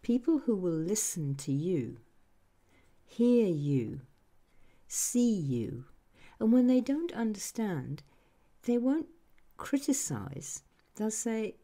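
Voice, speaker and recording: A woman's voice: medium pitch, sing-song, takes it slowly, pauses often, dark tone. A woman giving a reflective self-help talk. She speaks straight to the listener and acts out the remarks of other people. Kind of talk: reflective motivational monologue.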